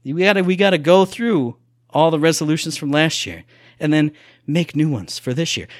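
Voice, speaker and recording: A young man co-hosting a casual gaming podcast, talking in an animated, playful way. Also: fairly high pitch, normal speed, no room sound, clean studio sound. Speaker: podcast co-host.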